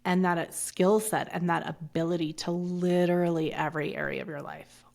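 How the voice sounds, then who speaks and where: A woman in her forties with a low, gravelly voice, talking in a loose, unfiltered way. She curses offhandedly and drifts into side stories as she chats on a podcast. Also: fairly even intonation, moderate pace, darkish tone. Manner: blunt, swears freely, rambling asides. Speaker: podcast guest. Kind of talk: casual chat.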